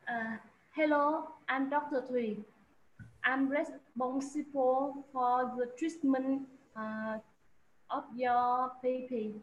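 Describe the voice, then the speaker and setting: A woman's voice: sits high, fairly even intonation, slow pace. A woman acting as a doctor in a medical role-play, hesitant and full of fillers. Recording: muffled, roomy, faint background noise.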